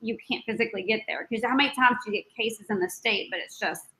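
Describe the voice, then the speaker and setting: Bright-voiced chatty woman host. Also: on the high side, poor audio. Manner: chatty, laughs easily, quick interjections. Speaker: podcast host. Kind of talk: casual interview chat.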